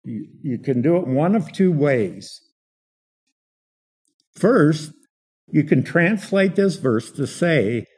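A man's voice: fairly high pitch, very animated, takes it slowly, long pauses, warm tone, slightly rough. A man preaching an expository sermon, explaining a passage and asking rhetorical questions.

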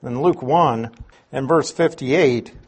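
A man preaching a sermon, teaching slowly and deliberately with emphatic stresses. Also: mid-range voice, slightly rough.

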